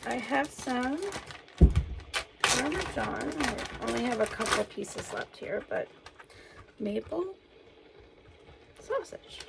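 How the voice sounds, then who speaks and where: A woman with a slightly high, creaky voice and lively intonation cooks at home for viewers, speaking slowly with long pauses. Chatty and somewhat breathless, she narrates herself and calls the audience "guys," and the kitchen audio is noisy.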